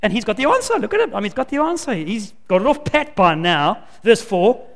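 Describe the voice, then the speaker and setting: A man preaching in an animated, emphatic way, acting out the scenes as he tells them. His very high voice swings widely in pitch. A long reverb trails each phrase as if he speaks in a large church. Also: a little fast. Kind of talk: sermon.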